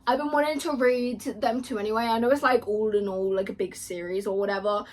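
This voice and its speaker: A woman's voice: medium pitch, steady tone, a little fast, slight background noise. A young woman chatting casually and gushingly about books, laughing often as she talks. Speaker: book vlogger. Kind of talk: casual chat.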